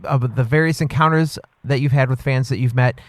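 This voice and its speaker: A man's voice: mid-range voice, fairly even intonation, fairly quick, no room sound. A man hosting a podcast, asking questions in a friendly, enthusiastic way. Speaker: podcast host. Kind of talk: podcast interview.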